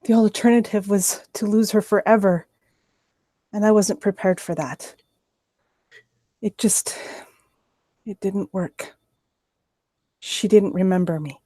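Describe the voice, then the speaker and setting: A man's voice: high-pitched, steady tone, takes it slowly, long pauses, dark tone, no echo, clean studio sound, voice pushed up. A man voicing a desperate masked father who speaks in a thin, pleading voice. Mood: defeated.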